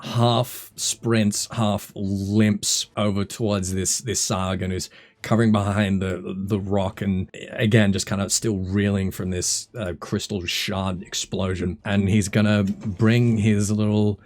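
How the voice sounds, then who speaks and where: A man's voice: on the low side, slow pace. A man narrating combat as game master of a tabletop game, easygoing and full of filler words. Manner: relaxed, many fillers and restarts while narrating combat.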